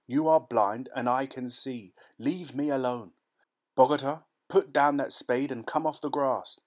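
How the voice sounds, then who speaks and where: A man voicing a cornered man shouting in desperation. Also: medium pitch, expressive, normal speed, voice pushed up, close to an everyday voice. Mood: desperate. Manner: shouting, voice breaking with emotion.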